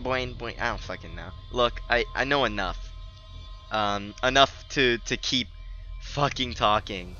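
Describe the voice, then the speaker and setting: A man's voice: mid-range voice, slow pace, sharp tone, lo-fi sound, soft background music. A man giving rambling, profane, joking commentary while playing a video game. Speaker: gamer. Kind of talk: let's play commentary. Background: game audio.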